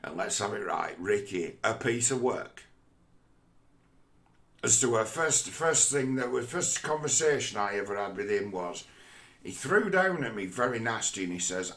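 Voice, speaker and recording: Brief: casual man, low gravelly voice, loose sweary storytelling. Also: a bit bright. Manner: swearing, rambling, conversational. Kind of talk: casual monologue.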